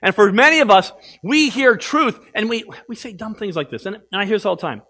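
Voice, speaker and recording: A pastor preaches emphatically in a church, with a high, bright and forceful voice. He swings between loud exhortation and hushed asides. His delivery stays direct and driving. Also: expressive, brisk. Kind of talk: sermon.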